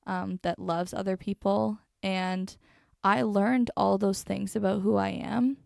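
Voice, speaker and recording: A young woman talks earnestly into a close microphone, working through her thoughts with plenty of "um"s and restarts. Her voice has a gravelly, fried edge and sits at an ordinary pitch. The sound is dry and close, with almost no room around it. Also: darkish tone, no room sound. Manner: earnest, thinking aloud with many fillers and restarts. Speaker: podcast host. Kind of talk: reflective solo podcast talk. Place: sitting in a chair at a microphone. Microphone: studio microphone, close.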